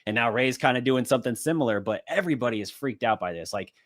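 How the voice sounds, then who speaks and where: A man co-hosting a podcast, chatting casually through an episode recap and acting out character lines in quick bits. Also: medium pitch, lively intonation. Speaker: podcast co-host. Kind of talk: casual anime recap chat.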